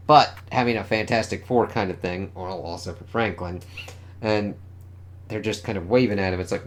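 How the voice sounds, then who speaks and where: A man's voice: on the low side, steady tone, moderate pace. A man casually reviewing a comic book, rambling loosely and swearing freely.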